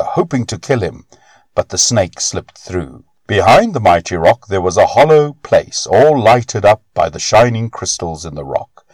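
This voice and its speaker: A man reads a myth aloud as storybook narration, expressive and unhurried. His voice is deep and moves through a lively pitch range. The recording is close and dry. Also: no room sound.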